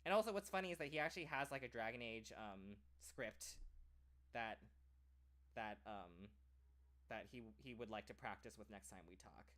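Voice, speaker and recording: A man's voice: medium pitch, normal speed, a bit bright. An American man talking in a casual, rambling way, with many "like"s and restarted phrases. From United States. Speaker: streamer.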